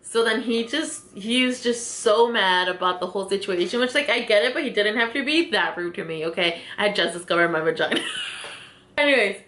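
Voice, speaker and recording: A woman's voice: medium pitch, brisk, a bit bright, slight background noise. A young woman vlogger telling a story casually while doing her makeup, laughing often and using many fillers. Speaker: beauty vlogger. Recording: echoey room.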